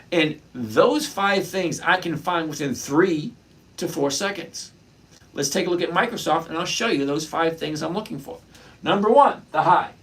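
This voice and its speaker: A man's voice: on the high side, a bit bright, slightly rough. A middle-aged man hosting a casual live stock-trading stream, greeting viewers by name and answering their questions. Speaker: livestream host reading chat.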